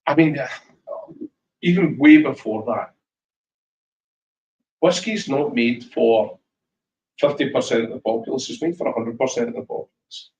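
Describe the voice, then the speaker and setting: Animated Scottish male storyteller, roomy. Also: medium pitch, moderate pace, long pauses, recorded from a distance, a little hiss or hum. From Scotland. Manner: animated storyteller, acts out voices in anecdotes. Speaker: whisky guest speaker. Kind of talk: live storytelling chat at a tasting. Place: shop tasting room.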